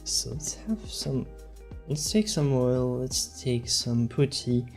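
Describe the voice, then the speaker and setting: A man chatting casually with viewers during a live painting stream, thinking aloud in halting bits. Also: medium pitch, lively intonation, darkish tone, faint music behind.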